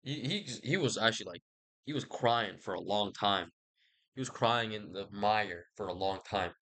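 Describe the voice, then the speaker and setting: A man's voice: on the low side, lively intonation, moderate pace, a bit bright. Slangy, rambling man recapping a book. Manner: loose, slangy and profane, with jokey asides and mock voices. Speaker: book vlogger.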